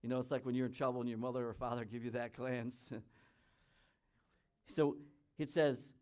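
A man preaching a sermon. He reads scripture aloud, comments on it, and swings between loud emphasis and quiet asides. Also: mid-range voice, level tone, moderate pace, clear, resonant tone. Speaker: pastor.

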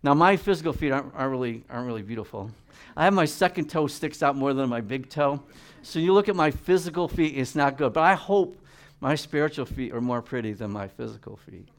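A man preaching a sermon, reading scripture and swinging between loud emphatic peaks and quiet, low asides. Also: expressive, brisk.

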